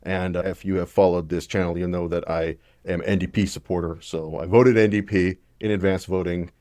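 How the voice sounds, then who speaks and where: A man's voice: low-pitched, fairly even intonation, brisk, darkish tone, dry recording, studio quality. A young man hosting his own show, giving opinionated, conversational political commentary with a blunt edge. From Canada.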